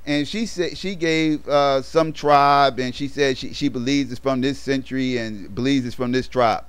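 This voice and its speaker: A man recaps a movie in a loose, rambling way, full of fillers and slang. His voice is smooth and clean at a middling pitch. The sound is dry, with no room around it. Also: normal speed, no room sound. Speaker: movie reviewer. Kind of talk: casual movie plot recap.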